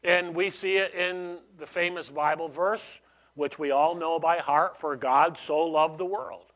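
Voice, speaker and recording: A man delivers a sermon in an easygoing, conversational way, pausing to restart phrases. His voice is slightly higher than most men's. He takes his time with each phrase. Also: fairly even intonation, fairly bright tone. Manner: conversational preaching, frequent restarts and "you know". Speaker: pastor.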